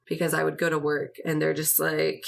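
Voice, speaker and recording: A woman's voice: low-pitched, monotone, a little fast, gravelly. A woman in her twenties hosting a podcast, telling her own story in a candid, emotional way and swearing freely. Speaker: podcast host.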